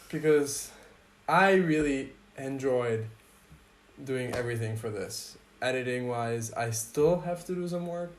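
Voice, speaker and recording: A man hosting a podcast, sarcastically reviewing and reacting to a bad movie with crude, mock-reverent humor. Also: mid-range voice. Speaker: podcast host.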